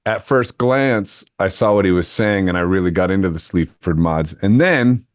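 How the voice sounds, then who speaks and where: A man's voice: sits low, normal speed, no room sound, clean studio sound. A man hosting an interview show, chatting in a playful, rambling way that jumps between tangents. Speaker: show host. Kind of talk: casual interview chat.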